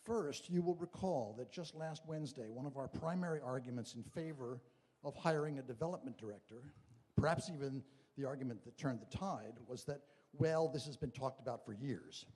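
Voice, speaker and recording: A man's voice: mid-range voice, a little mellow, breathy edge. Man arguing in an echoey meeting hall. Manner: measured, deliberate, argumentative. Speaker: town meeting member speaking from the floor. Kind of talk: formal public statement. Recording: long hall reverb.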